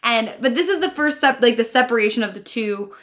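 A woman's voice: on the high side, expressive, fairly quick, fairly bright tone. A woman co-hosting a podcast, casually setting up scenes and correcting details. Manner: corrects and sets scenes, laughs easily. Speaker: podcast co-host. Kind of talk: casual chat.

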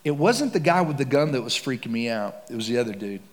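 A man preaching with dramatic storytelling, swinging from hushed to loud and excited. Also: mid-range voice, fast. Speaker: pastor. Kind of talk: sermon storytelling. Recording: long hall reverb.

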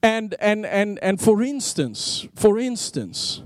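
A male evangelist preaching a sermon with an accent, telling a story with lively energy and frequent restarts. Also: sits high, slow, dry recording, clean studio sound. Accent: non-native English accent. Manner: animated storytelling with many restarts.

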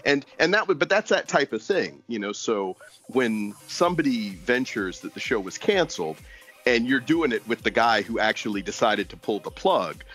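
A man chatting casually on a podcast, wandering from point to point with plenty of "you know" and "I mean". His voice moves lively up and down in pitch. Faint music sits underneath. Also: moderate pace. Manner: rambling, digressive, many fillers. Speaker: podcast co-host. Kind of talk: casual chat.

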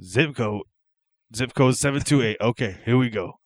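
A man's voice: mid-range voice, normal speed, dry recording, clean studio sound, close to an everyday voice. A man voicing a swaggering male rapper with a pet cat, rambling boastfully and throwing in meows. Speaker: podcast co-host. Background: loud hip hop beat.

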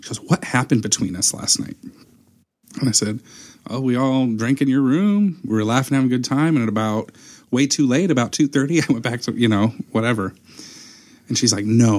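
A young man telling a story in casual chat, acting out the quotes as he goes. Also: mid-range voice. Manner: animated storyteller, acts out quotes.

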